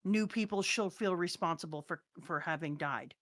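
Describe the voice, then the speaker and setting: A woman co-hosting a casual chat, animated, swinging between hushed retelling and loud outbursts. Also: fairly low pitch, normal speed, no echo. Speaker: podcast co-host.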